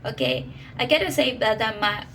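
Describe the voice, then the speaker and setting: A woman in her twenties with a Venezuelan Spanish accent, speaking English as a second language in a slightly high voice. She talks about herself in a halting way, pausing to search for words and often filling gaps with "okay". Faint noise sits under her voice. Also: big pitch swings, fairly bright tone, poor audio. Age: 20s. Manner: halting non-native English, frequent "okay" fillers. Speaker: professor. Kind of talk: personal monologue.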